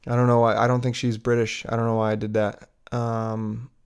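A man's voice: medium pitch, monotone, brisk, darkish tone, clear, resonant tone. A man hosting a solo podcast, rambling and restarting his sentences with lots of fillers. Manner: rambling, self-interrupting, with many fillers. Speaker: podcast host.

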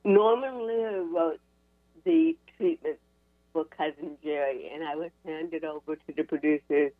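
A woman's voice: sits low, measured pace, no room sound. American woman in her sixties on a phone line. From United States. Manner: animated, laughs between sentences. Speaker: guest, actress and comedian. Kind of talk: storytelling in a radio interview. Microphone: telephone. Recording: tinny dry phone line.

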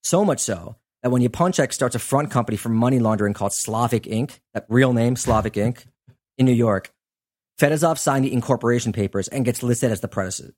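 A man's voice: medium pitch, darkish tone. A man hosting a podcast, telling a story in a loose, conversational way with lots of fillers. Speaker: podcast host; sports journalist. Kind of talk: casual storytelling chat.

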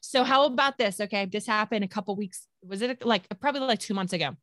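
A middle-aged woman co-hosting a podcast in casual chat, telling an animated story, acting out quoted voices and swearing freely. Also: medium pitch, quick pace, dry recording. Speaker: podcast co-host.

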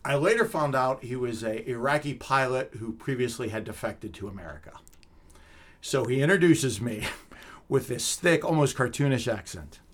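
A middle-aged man, a comedic magician, telling animated stories in an interview and laughing often. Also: mid-range voice, normal speed. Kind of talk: casual storytelling in an interview.

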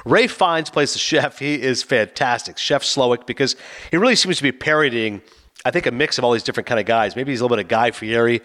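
A man's voice: mid-range voice, a bit bright. A man co-hosting a casual podcast, reviewing a movie and acting out the characters' lines. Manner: fast, chatty, acts out quotes.

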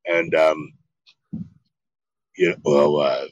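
A man, an actor guest in an interview, telling lively stories full of swearing and acted-out quotes. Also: a bass voice, slow, dry recording, lo-fi sound. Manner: animated, profane, acts out quotes. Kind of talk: storytelling interview.

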